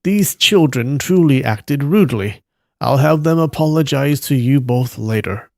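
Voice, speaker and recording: A man voicing a gentle elderly master. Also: mid-range voice, lively intonation, measured pace, vocal fry, no room sound, pitched above the performer's own voice. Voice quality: soft, gentle. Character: kindly elderly male master, gentle and calm.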